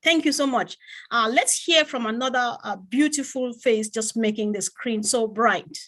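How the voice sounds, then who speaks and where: A woman's voice: fairly high pitch, moderate pace, fairly bright tone. A woman hosting an online event, effusive and emotional as she introduces speakers. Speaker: event host.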